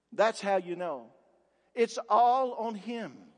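A man's voice: high voice, a little slow. A man preaching a sermon as pastor, emphatic, firing rhetorical questions and repeating words for force. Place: church sanctuary. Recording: long reverb of a large church hall.

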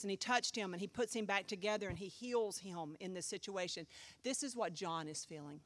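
A woman pastor teaching a Bible class in a chatty, animated way, often asking the class questions. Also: medium pitch, a little fast, dry recording.

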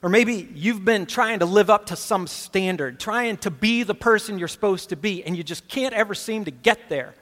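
A man delivers an earnest sermon, leaning on emphasis and asking his listeners rhetorical questions. His voice sits somewhat high for a man. The recording carries a long reverb tail, as if from a large hall. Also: a bit bright. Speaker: pastor.

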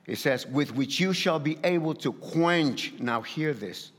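A man's voice: on the high side, lively intonation, a little slow, few pauses, a bit bright, long reverb tail. A man preaching a sermon in a light accent, emphatic and repetitive, often restarting his phrases. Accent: non-native English. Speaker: pastor.

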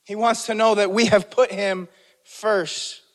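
High-voiced pastor preaching in a reverberant hall. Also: male voice, flat delivery, a little slow. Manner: emphatic, repeats key phrases, asks congregation to respond. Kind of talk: sermon.

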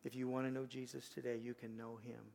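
An older man preaching a sermon as pastor, earnest, swinging from loud emphasis to a hushed, gentle invitation. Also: mid-range voice, flat delivery, quick pace, creaky. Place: church sanctuary.

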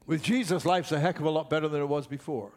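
High-voiced older male preacher. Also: fast talker, a little mellow. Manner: emphatic preaching, repeats key phrases. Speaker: pastor. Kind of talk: sermon.

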